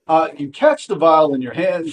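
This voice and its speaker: A man narrating as game master of a tabletop game, speaking hesitantly with many pauses and restarts. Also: a little high, lively intonation.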